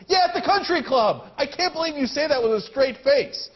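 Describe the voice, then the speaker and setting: A man's voice: very high voice, expressive, brisk, few pauses, lo-fi sound. A man hosting heated political commentary, sarcastic and indignant, mocking what he discusses.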